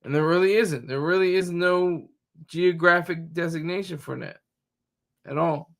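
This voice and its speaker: Brief: male commentator, somewhat high and gravelly, bright tone, rambling and sarcastic. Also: moderate pace. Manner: rambling, searching for words, sarcastic. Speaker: commentary streamer. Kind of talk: casual reaction commentary.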